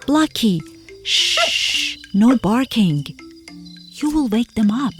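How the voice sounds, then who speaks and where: Curious, coaxing cartoon guide. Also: female voice, fairly high pitch, slow. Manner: animated, coaxing, speaks straight to the viewer. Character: friendly, curious young woman guiding a child. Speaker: cartoon voice actor. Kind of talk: children's cartoon acting. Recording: clear music underneath.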